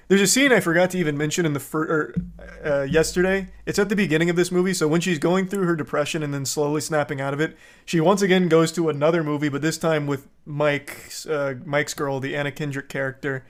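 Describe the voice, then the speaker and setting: A man's voice: fairly high pitch, fairly even intonation, fast talker. A man streaming, casually recapping a movie and chatting with viewers in a rambling, joking way. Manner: rambling recap with crude jokes. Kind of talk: casual chat.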